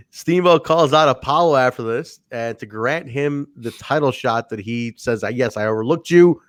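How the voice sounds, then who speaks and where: A man co-hosts a casual wrestling review podcast, speaking in a mid-range voice at a measured pace with no echo. He is animated, laughs often, and acts out what wrestlers said.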